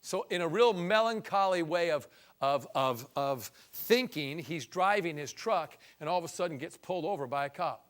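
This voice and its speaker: A man's voice: on the high side, animated, moderate pace, fairly bright tone. A man preaching a testimony, telling a story in a folksy way that builds to fervent emphasis.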